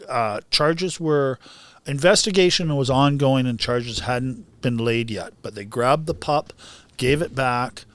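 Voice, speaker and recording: A man, a boxing trainer telling stories in a casual podcast chat, laughing often and getting animated. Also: medium pitch, dry recording.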